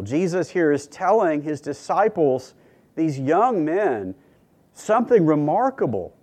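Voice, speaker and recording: Brief: male preacher, slow and deliberate sermon delivery, a bit higher voice, earnest and measured. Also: big pitch swings, darkish tone. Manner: measured, earnest, with dramatic pauses.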